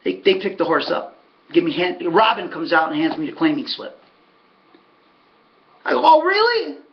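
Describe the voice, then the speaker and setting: A man's voice: a little high, moderate pace. A man casually telling a long story as a podcast host, acting out what others said. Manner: animated, acts out quoted voices. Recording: dull lo-fi audio.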